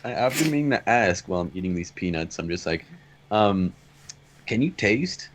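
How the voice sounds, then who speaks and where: A man's voice: lowish voice, lively intonation, moderate pace. A man at a tabletop game asking a rambling question full of fillers. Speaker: player.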